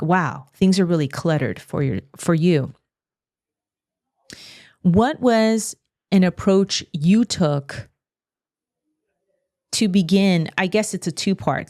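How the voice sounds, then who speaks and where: A woman's voice: on the low side, dark tone, no echo, studio quality. A woman hosting a podcast interview, asking thoughtful questions and rephrasing them as she goes. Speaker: podcast host.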